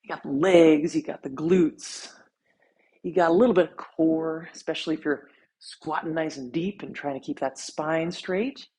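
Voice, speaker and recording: A woman fitness instructor talking a follow-along workout while she exercises, counting reps, out of breath, relaxed and encouraging. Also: sits low, moderate pace, slightly rough.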